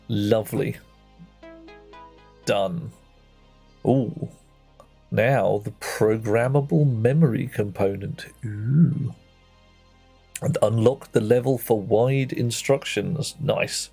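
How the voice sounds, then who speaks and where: Gravelly man chatting on stream. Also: medium pitch, slow, pauses often, dark tone, faint music behind. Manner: playful, chatty, greets viewers by name. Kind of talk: casual livestream chat while gaming.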